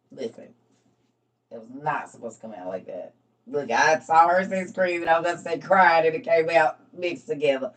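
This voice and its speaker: A woman's voice: sits low, animated, moderate pace, long pauses, far from the mic. A woman hosting a live stream, casually reading scripture aloud and talking it over with her viewers, laughing at her own slips.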